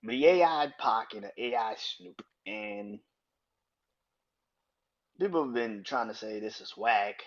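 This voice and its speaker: A man hosting a solo podcast, ranting in a profane, animated and emphatic way. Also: fairly low pitch, slow pace, long pauses, dull audio. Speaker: podcast host. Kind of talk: opinionated solo podcast rant.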